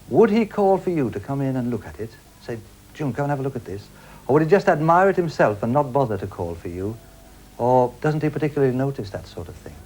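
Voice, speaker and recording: A man's voice: mid-range voice, darkish tone, breathy edge. A man hosting a studio game show with a jokey, teasing patter and a studio audience.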